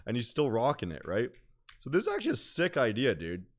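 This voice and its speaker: Young male streamer, casual rambling delivery, loose and slangy, mid-pitched. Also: huge pitch swings, fairly quick. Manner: rambling, filler-heavy, slangy. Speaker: day trading streamer. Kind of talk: casual livestream chat.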